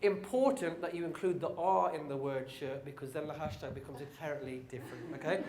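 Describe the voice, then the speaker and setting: A man with a Brummie accent giving a lively, joking marketing talk to a live conference audience, addressing the crowd directly. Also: fairly high pitch, a little fast, hardly any pauses. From England. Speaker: conference speaker. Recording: roomy hall sound.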